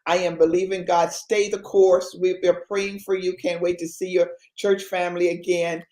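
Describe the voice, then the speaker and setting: A woman's voice: fairly low pitch, level tone, normal speed, dark tone. A woman hosting a Christian talk show, speaking with an emotional, exhorting preacher's cadence. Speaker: ministry talk show host. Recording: roomy echo.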